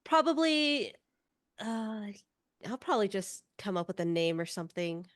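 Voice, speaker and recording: A woman's voice: mid-range voice, sing-song, moderate pace, no echo, studio quality. Coy woman playing a tabletop game. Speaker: player. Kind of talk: in-character tabletop play.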